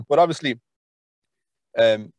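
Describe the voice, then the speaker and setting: An Irish man speaking as a guest in a relaxed interview, his voice at an ordinary middle pitch. He talks with eager enthusiasm, restarting sentences and padding them with fillers. The recording is dry and close, with no room sound. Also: slow, no echo. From Ireland. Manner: enthusiastic, rambling, full of "kind of" fillers and restarts. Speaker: podcast guest, folklore archivist. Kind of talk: conversational interview.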